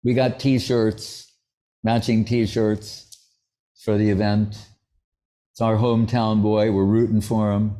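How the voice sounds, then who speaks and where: Mellow-voiced man giving a relaxed devotional talk. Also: lowish voice, slow, long pauses. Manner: conversational, anecdotal, playfully acts out quotes. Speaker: spiritual teacher. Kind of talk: devotional lecture.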